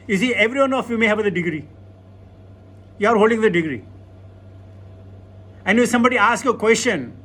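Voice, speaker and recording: A man's voice: sits high, pushed and bright. A man giving a scripture lecture, talking conversationally and putting rhetorical questions to his listeners. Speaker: spiritual teacher.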